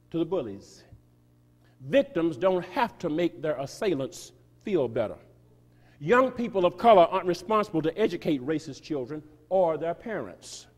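Male pastor, high voice, emphatic sermon delivery, long church-hall reverb. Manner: emphatic, sweeping shifts of loudness and pace. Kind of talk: sermon reading a quoted article aloud. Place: church sanctuary.

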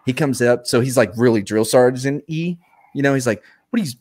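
A former soldier tells a story during casual chat on a live show, laughing often and staying animated. His voice is mid-range and his delivery brisk.

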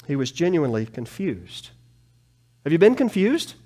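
A man preaching a sermon as pastor in a church, animated, swinging from soft, low passages to loud, pleading ones. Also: moderate pace. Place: church sanctuary.

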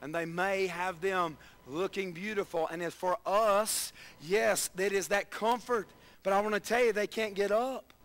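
High, bright-voiced preacher man. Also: fairly even intonation, a little slow, low-quality recording. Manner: preaching with rising, shouted emphasis and many asides to the congregation. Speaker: pastor. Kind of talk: sermon.

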